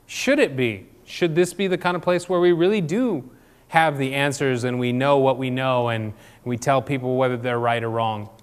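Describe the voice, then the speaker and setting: A man's voice: medium pitch, moderate pace, smooth. A man leading table discussions in an informal church talk, conversational and questioning, with frequent fillers and restarts. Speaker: church group leader. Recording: long reverb from a hall.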